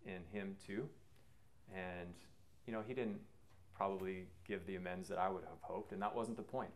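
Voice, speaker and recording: Earnest man sharing a halting testimony. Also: low voice. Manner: halting, with many pauses and fillers. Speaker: speaker sharing a faith testimony. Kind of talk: personal testimony talk.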